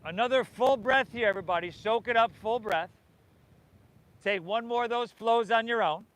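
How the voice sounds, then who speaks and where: Male yoga teacher, higher-pitched, calls cues to a group, encouraging. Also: normal speed, a bit bright. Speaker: yoga instructor. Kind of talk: guiding a yoga class. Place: outdoors by the ocean.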